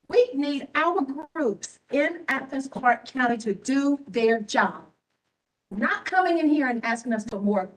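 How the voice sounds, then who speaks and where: A woman's voice: fairly high pitch, recorded from a distance, poor audio. A tired woman, an elections official giving impassioned, repetitive, scolding remarks at a public board meeting. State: tired and emotional. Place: government meeting room.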